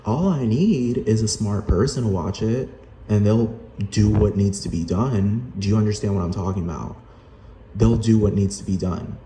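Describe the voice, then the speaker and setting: A man's voice: lowish voice, normal speed, dark tone. Angry man ranting in an echoey room. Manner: heated, repetitive, profane, keeps asking "do you understand?". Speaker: vlogger. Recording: echoey room with noise behind.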